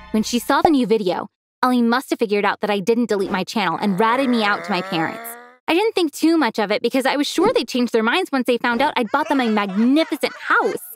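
A woman narrating a first-person animated story as a teenage girl, expressive and lively in delivery. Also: on the high side. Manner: expressive, acts out a teenage girl's feelings.

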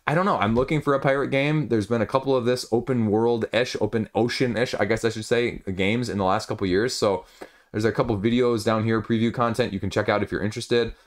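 A young man casually reviewing board game crowdfunding campaigns, rambling with wry asides. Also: on the low side. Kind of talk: casual video commentary.

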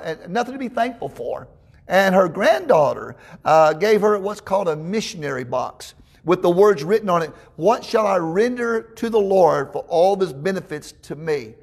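Preacher, male, higher-pitched voice, folksy storyteller, restarts his phrases often. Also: gravelly, breathy edge. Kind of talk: sermon.

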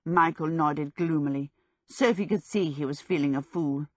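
A woman narrating an audiobook in a measured storybook reading. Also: low voice, no echo, studio quality. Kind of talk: scripted narration.

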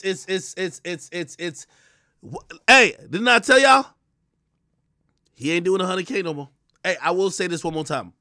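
A man ranting loudly on a live stream, mocking and profane, breaking into shouts and laughter. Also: high-pitched, vocal fry, dry recording, studio quality. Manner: laughs between jabs. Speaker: streamer host. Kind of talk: live-stream commentary rant.

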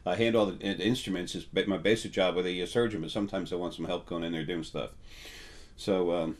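Speaking off the cuff on spiritual matters, a middle-aged host meanders and stumbles, full of fillers and restarts. His voice sits low with fairly even intonation, occasionally catching with emotion.

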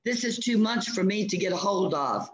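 A man's voice: high voice, expressive, dull audio. A male teacher reading aloud, voicing a frightened big-game hunter who wants out. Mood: panicked. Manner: frightened, rushed pleading.

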